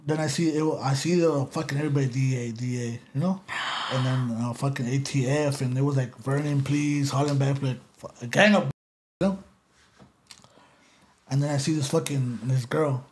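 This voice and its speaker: With a medium-pitched voice at normal speed, an LA-area man guests on a podcast, recounting stories casually in an interview. He's animated and foul-mouthed, alternating English and Spanish.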